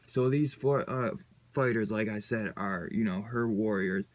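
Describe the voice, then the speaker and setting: A man's voice: lowish voice, measured pace. A man giving a casual comic book review on his channel, rambling and loose, with lots of fillers and some swearing.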